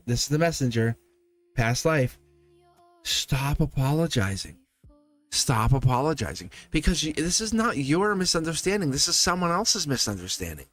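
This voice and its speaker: A man's voice: on the high side, sing-song, brisk, a bit bright. A man giving a live tarot reading to his viewers, talking animatedly, acting out quoted voices and laughing often. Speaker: tarot reader.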